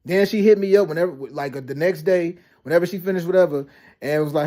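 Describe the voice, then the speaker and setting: A man ranting to camera about being lied about, talking fast with heavy slang, profanity and many restarts. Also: fairly high pitch, warm tone. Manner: fast, repetitive storytelling with frequent restarts and "you know what I'm saying". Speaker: vlogger. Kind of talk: rambling personal rant to camera.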